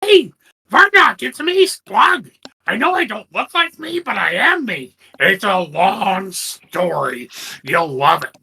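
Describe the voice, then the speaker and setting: A man voicing an eager goblin trapped in a giant minotaur body, calling out in a high, excitable voice. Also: slow, gravelly, slightly rough, heavily acted. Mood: pleading.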